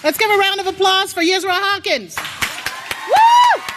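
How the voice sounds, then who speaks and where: High, lively woman preaching. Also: moderate pace, very noisy. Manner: lively call-and-response, coaxing the crowd. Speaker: church speaker. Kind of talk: motivational sermon. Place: large worship hall.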